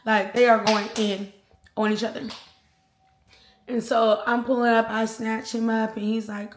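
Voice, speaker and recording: A woman's voice: on the high side, a little slow, pauses often. Slangy young woman telling a story. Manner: animated, slangy storytelling with sound effects. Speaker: vlogger. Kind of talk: storytime vlog. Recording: roomy echo.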